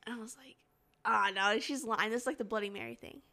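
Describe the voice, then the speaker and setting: A young woman co-hosting a casual podcast chat, telling childhood stories in an animated way, with lots of "like". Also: a little high, quick pace, vocal fry. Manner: animated storytelling, frequent "like". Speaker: podcast co-host.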